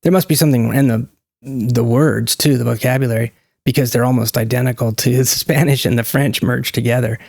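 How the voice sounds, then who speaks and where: A man with a gravelly edge talks in a casual, unscripted monologue, wandering off track, joking and catching himself mid-sentence. His voice sits at an ordinary middle pitch. The sound is dry and close, with no room echo. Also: flat delivery, moderate pace, a little mellow. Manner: rambling, self-interrupting, joking asides. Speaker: channel host.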